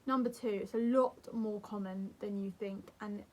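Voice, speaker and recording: A young woman vlogger giving calm, earnest advice to camera in a gentle, soothing way. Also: medium pitch, normal speed. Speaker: mental health vlogger.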